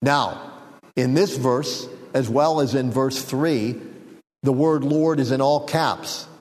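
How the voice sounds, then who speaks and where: Slow-speaking preacher in a reverberant hall. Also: male voice, mid-range voice, a little mellow. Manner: unhurried, reflective teaching with frequent fillers and small jokes. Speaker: pastor. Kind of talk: sermon.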